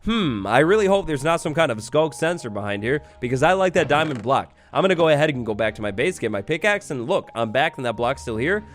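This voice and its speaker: A man's voice: on the high side, sing-song, quick pace, hardly any pauses. A young man hosting a game tutorial, explaining mechanics in an upbeat, playful way and acting out little scenes. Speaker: Minecraft tutorial host. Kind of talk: gameplay tutorial narration. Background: background music.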